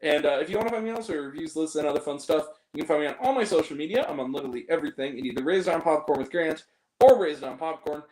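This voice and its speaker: A young man talks straight to camera in a loose, rambling review, blunt and quick to apologize. His voice sits a little high, and the room around him rings with echo. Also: lively intonation, a little mellow. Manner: blunt, rambling, self-deprecating. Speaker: movie reviewer. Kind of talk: casual video review. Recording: echoey room.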